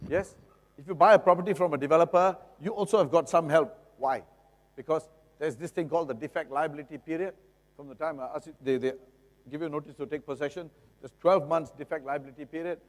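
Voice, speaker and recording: A middle-aged man with a Singaporean English accent gives a lively, jokey seminar talk, often asking the audience rhetorical questions. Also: on the high side, fast. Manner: jokey, acts out buyers and sellers. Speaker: lawyer giving a seminar talk. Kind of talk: seminar lecture. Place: seminar hall. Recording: long reverb of a seminar hall.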